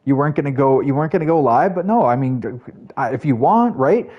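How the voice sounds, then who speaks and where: A man's voice: medium pitch, expressive, fairly quick, highs cut off. A man streaming live, chatting casually with his viewers in a rambling way with lots of fillers. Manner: chatty, rambling, talks to chat, frequent fillers.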